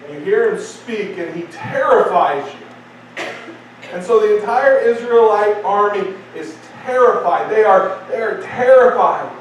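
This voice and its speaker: A man's voice: high voice, moderate pace, far from the mic, a little hiss or hum. A man preaching a sermon in a church, conversational and repetitive, building emphasis. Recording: very echoey church hall from afar.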